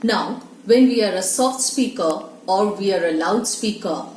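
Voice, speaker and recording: A woman teaching English pronunciation, spelling words letter by letter and explaining slowly and deliberately. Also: mid-range voice, a little mellow, slight background noise. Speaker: English accent tutor. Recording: echoey room with faint ambience.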